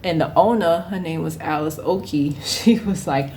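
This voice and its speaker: A woman in her thirties telling a casual story, animated and often laughing as she acts out the people in it. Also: low-pitched, moderate pace, slight background noise. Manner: animated, acts out quoted voices. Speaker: vlogger.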